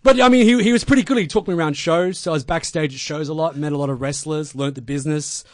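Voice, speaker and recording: Brief: a brash wrestling manager, deadpan and foul-mouthed, in a slightly high voice, close and dry. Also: male voice, quick pace, no echo. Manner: crude, boastful, deadpan, swears a lot. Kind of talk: casual storytelling in a podcast interview.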